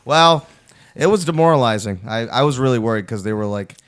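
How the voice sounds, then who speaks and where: A young man co-hosting a casual comedy podcast, quick to laugh at his own jokes. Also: medium pitch, lively intonation, a bit bright, clear, resonant tone. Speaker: podcast co-host.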